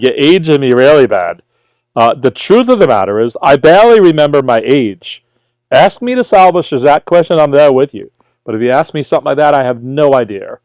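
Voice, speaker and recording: A man's voice: medium pitch, expressive, normal speed, a little mellow, smooth, no room sound. Chatty New York man hosting a livestream. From Brooklyn, New York. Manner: reads viewer questions aloud and answers chattily. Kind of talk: casual livestream Q&A.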